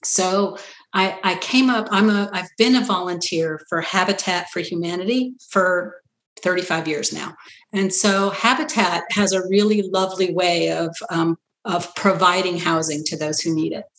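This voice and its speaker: A middle-aged woman family physician telling stories in an earnest conversational interview, animated when she quotes others. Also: fairly low pitch, moderate pace. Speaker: family physician, practice founder. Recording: roomy echo.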